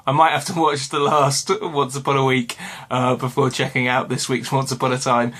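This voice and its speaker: Bright-voiced rambling British man. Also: medium pitch, flat delivery, normal speed. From Britain. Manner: rambling, self-correcting, lots of ums and uhs. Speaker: vlogger. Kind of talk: casual episode review vlog. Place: home room with washing hung behind.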